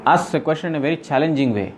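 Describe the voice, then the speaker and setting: A man's voice: a little high, very fast, slight background noise. Earnest man giving a devotional talk. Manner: earnest, explanatory, repeats phrases, frequent "you know". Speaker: spiritual teacher. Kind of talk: devotional scripture lecture.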